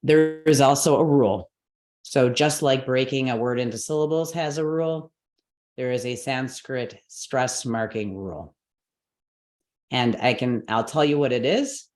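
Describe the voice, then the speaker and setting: A woman teaches an online mantra lesson on Sanskrit stress. She walks through each rule patiently, pausing often to check in with her students. She slows right down whenever she spells out a syllable. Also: a bass voice, a little mellow. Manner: patient explaining with frequent okays and all rights.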